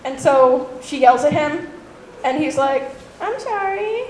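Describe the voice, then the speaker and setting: A woman in casual chat who giggles often and acts out quotes in a higher voice. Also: little pitch movement, a little slow. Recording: roomy echo, faint background noise.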